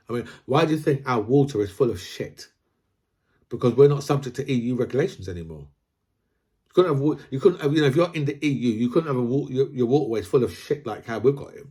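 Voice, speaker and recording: A man's voice: mid-range voice, a little mellow. A man from Britain, ranting casually about politics, rambling, repeating himself and asking "right?" again and again. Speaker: political commentator.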